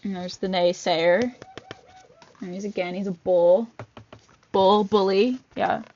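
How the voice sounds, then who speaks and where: A woman's voice: mid-range voice, fairly even intonation, slow, a little mellow, a little hiss or hum. A woman vlogger reading a picture book aloud, with chatty asides and fillers between pages. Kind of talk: casual read-aloud with commentary. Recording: dull lo-fi recording.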